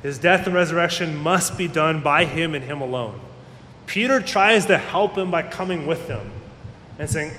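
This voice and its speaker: Lively in intonation and at normal speed, this pastor's voice sounds pushed and bright. He preaches casually, acting out the people he quotes, in an echoey hall where a faint rumble can be heard.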